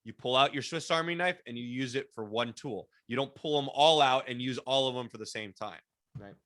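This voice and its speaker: Bright-voiced man coaching on a call. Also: mid-range voice, fairly quick. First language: Spanish. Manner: coaching, repeats words when restarting. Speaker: workshop presenter. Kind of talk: online workshop talk. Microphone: video call.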